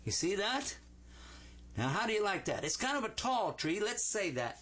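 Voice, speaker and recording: A man teaching Arabic letters to a class, sounding out each letter slowly and playfully. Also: sits high, big pitch swings, fairly bright tone, breathy edge.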